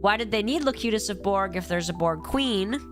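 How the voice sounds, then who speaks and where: A woman's voice: mid-range voice, animated, normal speed, faint music behind. Tired woman streamer, rambling and profane. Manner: rambling, profane, answers chat. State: tired, with a cold. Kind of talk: casual live-stream commentary.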